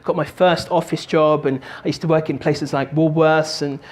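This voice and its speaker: A man gives a motivational talk in an animated, joking way. His voice sits a little higher than most men's, and he slips into character voices as he tells the story. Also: moderate pace. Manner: animated, jokey, does voices. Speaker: motivational speaker and stand-up comic.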